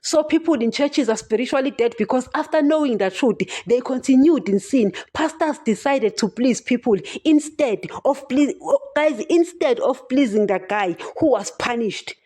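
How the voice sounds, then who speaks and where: A woman preaches on her podcast in a fervent, emphatic way, calling out to her listeners again and again. Her voice sits fairly high. Its tone is warm and mellow rather than bright. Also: expressive, normal speed, few pauses. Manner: impassioned, emphatic, keeps addressing listeners as "guys". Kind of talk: podcast sermon.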